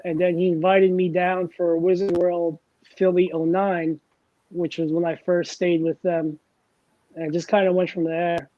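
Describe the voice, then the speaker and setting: A man's voice: high voice, flat delivery, a little slow, lo-fi sound. A man hosting a casual chat and telling long, rambling, self-deprecating anecdotes, wired on coffee. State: over-caffeinated. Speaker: host.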